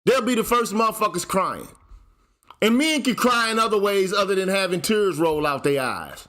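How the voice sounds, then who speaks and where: Blunt high-voiced man ranting. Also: animated, moderate pace, pushed and bright. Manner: blunt and profane, with repeated rhetorical questions. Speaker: channel host. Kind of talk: casual commentary rant.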